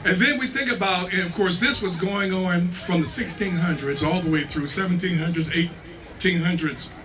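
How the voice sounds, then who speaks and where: A man's voice: high voice, normal speed, distant mic, a crowd in the background. A man giving a live talk on music history, explaining patiently, checking in with the audience and humming rhythms to show them. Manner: sings and hums rhythms to demonstrate. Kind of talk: live performance with spoken music lecture. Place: performance venue with live audience.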